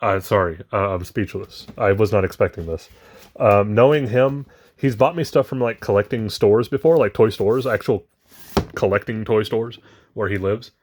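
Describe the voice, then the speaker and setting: Rambling low-voiced man unboxing toys. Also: normal speed, darkish tone. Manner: rambling, hesitant, many fillers. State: emotional, shaky voice. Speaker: toy collector vlogger. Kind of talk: casual unboxing chat.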